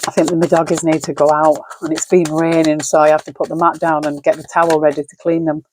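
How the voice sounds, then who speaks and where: A middle-aged woman talks her way through a tarot spread on a home camera mic. Her voice sits a little low, and she muses aloud, murmuring single card words with frequent sighs. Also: level tone, fast, darkish tone, slight background noise. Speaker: tarot reader. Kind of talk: solo tarot reading monologue.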